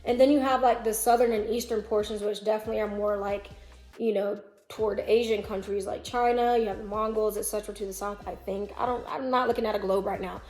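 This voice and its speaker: A woman's voice: mid-range voice, fairly even intonation, quick pace, darkish tone. A woman vlogger reading online posts aloud and commenting in a chatty, opinionated way, thinking aloud as she goes. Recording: roomy echo, faint music.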